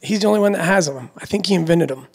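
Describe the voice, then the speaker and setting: A man in his thirties, originally from Florida, talks about his business as a guest in a relaxed interview. His voice has a gravelly edge and sits a touch high for a man. He tells his story at an easy pace, with plenty of ums and you-knows. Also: very fast. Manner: relaxed storytelling with many fillers. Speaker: guest, roller dealer. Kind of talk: casual interview chat.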